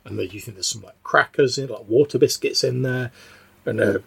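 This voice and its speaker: A man's voice: mid-range voice, fairly quick, creaky, slightly rough. A man as game master, narrating a tabletop game in a loose, casual way full of fillers.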